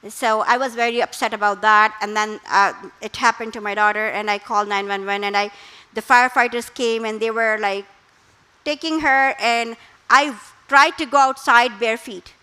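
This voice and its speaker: A middle-aged woman, a therapist, speaking as a guest speaker on parenting, calm and instructive. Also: on the high side, moderate pace, smooth, low-quality recording. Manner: calm, instructive, with acted quotes. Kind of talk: parenting talk.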